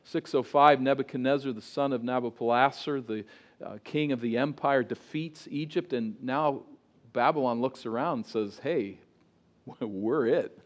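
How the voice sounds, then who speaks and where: A man preaching a sermon on a scripture passage, moving between quiet asides and loud, emphatic readings of quoted lines. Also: medium pitch, moderate pace, dull audio.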